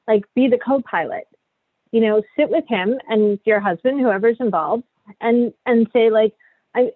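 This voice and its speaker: In an online parenting workshop, a middle-aged woman speaks candidly to parents in a fairly high voice, frequently tagging her points with "right?" Her sound is dry and close, carried over a thin, phone-like connection.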